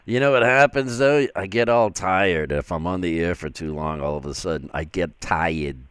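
A man's voice: low voice, normal speed, clear, resonant tone, no echo, studio quality. An older man with a Boston accent hosting a radio interview, chatty and jokey, rambling in a casual way. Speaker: radio show host.

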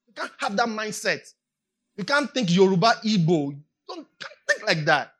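A Nigerian woman with a Nigerian accent preaching a sermon, repeating her points and building up to shouts. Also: mid-range voice, big pitch swings, moderate pace, breathy edge.

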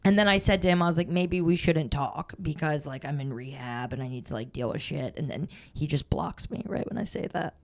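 A woman's voice: low-pitched, brisk, creaky, few pauses. A young woman, a comedian guest on a podcast, telling rambling, profane stories in casual chat. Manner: rambling storytelling full of "like" and swearing.

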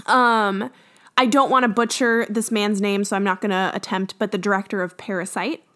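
A woman's voice: medium pitch, steady tone, moderate pace, a bit bright. A young woman co-hosting a podcast in casual chat, chatty and laughing often. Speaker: podcast co-host.

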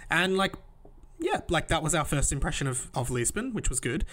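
A young man hosting a podcast rambles through casual travel stories, his speech full of fillers as he laughs at his own tales. His voice is on the high side, bright and pushed, with big pitch swings at a normal speed.

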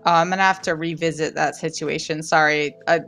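A woman co-hosts a casual gaming podcast in a lowish voice. She sounds laid-back, laughs easily and drops the odd swear. Faint music sits under the talk. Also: steady tone, fairly quick, fairly bright tone. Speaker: podcast co-host.

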